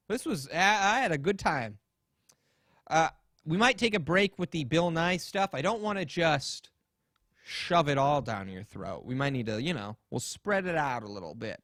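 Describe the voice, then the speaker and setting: A man's voice: high voice, fairly bright tone, no echo, studio quality. A man hosting a podcast, telling a story in casual, rambling chat, swearing and acting out quotes. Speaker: podcast host.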